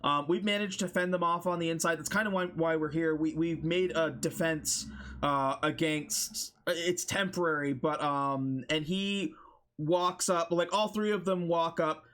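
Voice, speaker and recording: Slow-talking man running a tabletop game. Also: fairly high pitch, a bit bright. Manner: loose, rambling narration with fillers. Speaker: game master.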